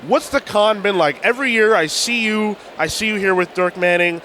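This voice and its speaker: A man's voice: sits high, moderate pace, sharp tone. A tired man hosting a podcast, eagerly interviewing a guest at a busy convention. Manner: eager, friendly questioning. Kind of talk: casual interview. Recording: noisy convention floor.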